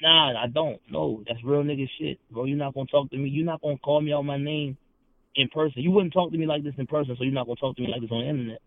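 A man's voice: mid-range voice, fairly even intonation, fast, no echo. A man talking as a podcast guest, heated and confrontational, full of slang and repeating himself. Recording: tinny phone-like sound.

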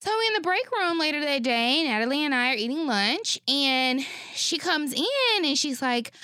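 A woman's voice: high voice, moderate pace, no echo, clean studio sound. A woman co-hosting a podcast, chatting casually and acting out the people in her anecdotes. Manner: animated, acts out the people in her story. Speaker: podcast co-host. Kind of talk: casual chat, storytelling.

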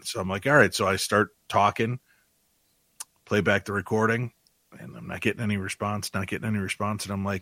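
A man with a low, dry-sounding voice tells anecdotes casually. He jumps into high, excited voices whenever he quotes someone, then drops back down. The sound is close and dry. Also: a little fast, breathy edge, dry recording. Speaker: paranormal investigator guest.

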